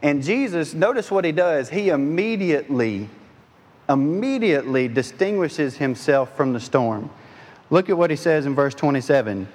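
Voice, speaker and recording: A man preaching a sermon, animated and conversational, dropping into the voices of the figures in his story. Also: fairly high pitch, normal speed. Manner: animated, dips into voices of disciples and Jesus. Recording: long hall reverb.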